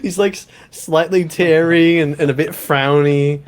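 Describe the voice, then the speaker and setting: A man with a mid-pitched voice co-hosts a comedy podcast and talks casually over a film. He picks out small details and makes offhand remarks about them. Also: fairly even intonation, measured pace. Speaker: podcast co-host. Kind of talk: casual movie commentary.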